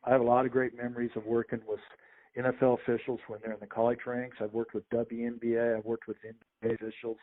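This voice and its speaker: A middle-aged man, a sports official and podcast guest, telling lively anecdotes in a conversational interview and acting out what other people said. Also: medium pitch, quick pace. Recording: tinny phone line.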